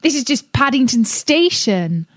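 A woman's voice: high-pitched, very animated, a little slow, pitched above the performer's own voice, full character voice. A woman voicing a cheeky, snappy young boy in a storybook reading. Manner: teasing, snappy.

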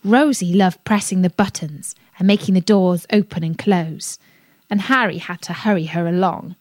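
A woman reading a children's story aloud on a radio show, gentle and expressive. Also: fairly low pitch, normal speed, dry recording.

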